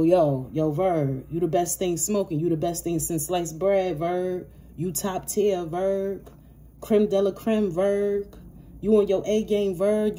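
Low mellow-voiced woman doing a tarot reading, aave, cussing and laughing a lot. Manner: profane, laughing, playful hype-talk. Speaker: tarot reader. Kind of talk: casual tarot reading monologue.

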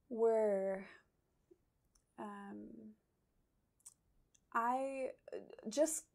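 Young woman from idaho talking about her studies in an interview, thoughtful, lots of ums, middle pitch. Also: a little mellow. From Idaho, USA. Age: young adult. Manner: thoughtful, laughs often, frequent ums. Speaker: interview guest, psychology graduate student. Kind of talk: conversational interview.

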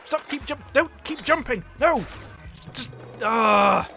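A man's voice: extremely high pitch, expressive, slow pace, sharp tone. Frantic swearing man gaming. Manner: frantic swearing, self-mocking. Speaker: gamer. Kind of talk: let's play commentary. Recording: faint music behind. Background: game music.

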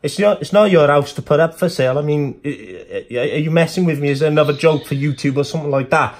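A man's voice: a little high, fast. Flustered middle-aged Welsh landlord faked by a man, Cardiff accent, repeats himself, keeps saying mate. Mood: stressed. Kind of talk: prank phone call.

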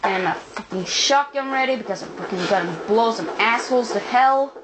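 A woman's voice: a little high, brisk, poor audio. A woman giving angry, swear-filled commentary while playing a video game. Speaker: let's play gamer. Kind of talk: gameplay commentary.

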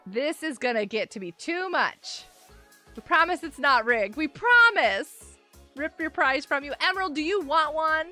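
A woman's voice: sits high, lively intonation, normal speed, sharp tone, soft background music. A woman live streaming and chatting with her viewers in a bubbly, giggly way while nursing a headache. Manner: bubbly, giggly, talks to chat. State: has a headache.

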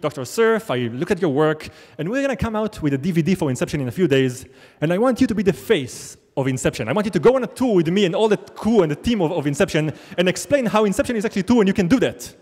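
A man's voice: high voice, lively intonation, fast, hardly any pauses, darkish tone, long reverb tail, pitched above the performer's own voice. A man doing a breezy, eager film director. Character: eager male film director with British accent.

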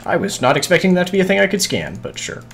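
A man's voice: high voice, wildly swooping pitch, fast talker, gravelly, slight background noise. A man streaming a video game, muttering to himself in casual, scattered chatter with frequent swearing and hiccups.

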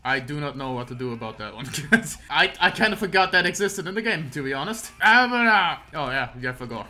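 A young man giving casual let's-play commentary, excitable and self-mocking, swearing often and breaking into laughter. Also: medium pitch, fairly quick. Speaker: gaming commentator.

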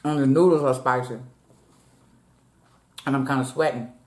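A mukbang vlogger with a very deep, steady, darkish voice at normal speed chats casually while eating in an echoey home room. She addresses viewers as "y'all" and takes bites between sentences.

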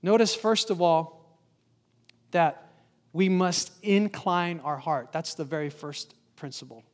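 A man's voice: a little high, steady tone, slow pace, long reverb tail. A man preaching a sermon as a guest pastor in a church, talking directly to the congregation and asking them to respond. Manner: engaging, asks the congregation questions. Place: church sanctuary.

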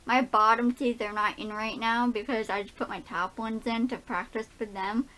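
A woman chatting casually to camera at home, lisping as she gets used to new dentures, with a relaxed rambling manner full of fillers. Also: fairly high pitch, normal speed. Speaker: vlogger. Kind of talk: casual vlog chat. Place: at home, indoors.

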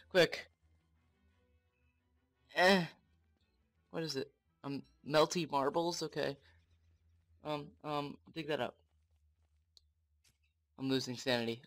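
A young man commenting on his own game play, excitable and swearing often, talking to the game. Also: fairly high pitch, slow, pauses often. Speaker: gamer.

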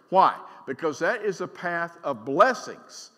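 A middle-aged man preaching a sermon as pastor. He is emphatic, swings between loud and quiet, and keeps asking the congregation questions. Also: a little high, very animated, a little slow, few pauses. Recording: long reverb of a large church hall.

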